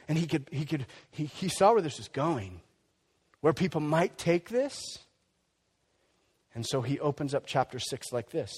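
A man preaching a sermon in an emphatic, conversational way, swinging between loud and quiet. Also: on the high side, animated, normal speed, slightly rough. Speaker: pastor. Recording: long hall reverb.

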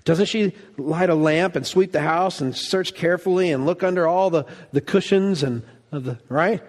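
A pastor delivers a sermon at a moderate pace in a fairly high, animated and theatrical voice. He acts out quoted voices, swinging between loud bursts and near-whispers, with the long reverb of a large church hall behind him.

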